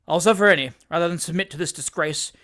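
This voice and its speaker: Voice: medium pitch, fast talker, a bit bright, lightly acted. A narrator voicing blunt old Wardle. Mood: indignant. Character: blunt, hot-tempered older country gentleman. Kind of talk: audiobook character reading.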